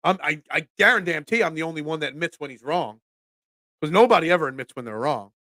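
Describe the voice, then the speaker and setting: A man hosting a casual sports talk show, ranting in an animated, self-deprecating way. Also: a little high, quick pace, no room sound.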